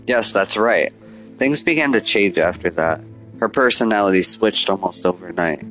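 A man's voice: deep voice, animated, normal speed, a bit bright, soft background music, poor audio. Man voicing a haunted regretful father. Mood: solemn. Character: grave middle-aged father, haunted and regretful. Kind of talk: storybook narration.

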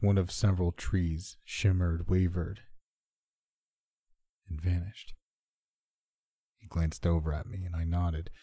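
A man with a very low, mellow voice reads a horror story in a measured, steady way. The recording is close and dry. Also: breathy edge, dry recording. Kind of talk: scripted horror narration.

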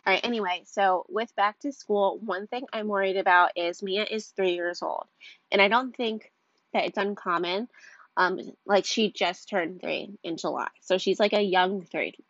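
A woman's voice: mid-range voice, normal speed, a bit bright, dry recording, lo-fi sound. A young woman talking casually to camera as a mom vlogger, rambling with lots of fillers and a stuffy nose.

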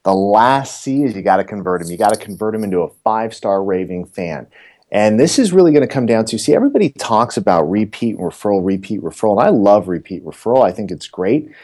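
A middle-aged man with a low, mellow voice, guesting on an interview. He spins animated, joking stories with plenty of asides. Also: fast. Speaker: real estate coach, podcast guest. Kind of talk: casual storytelling interview.

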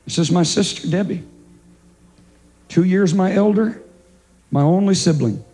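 High-voiced impassioned male preacher. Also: a little slow, dark tone, low-quality recording. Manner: impassioned, swings from chanted singsong peaks to low storytelling. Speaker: pastor. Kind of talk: revival sermon. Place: church service before a congregation.

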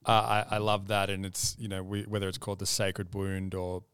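A man hosting a casual interview, reflective and quick to laugh. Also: sits low, completely flat delivery, fairly bright tone, clean tone, dry recording. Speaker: podcast host.

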